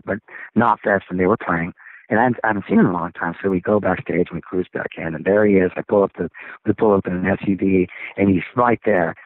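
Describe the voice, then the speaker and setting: A man, a rock singer, telling stories as an interview guest, acting out other people's lines in excited, high voices. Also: no echo. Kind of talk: casual storytelling interview. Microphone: phone. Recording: tinny, dry phone line.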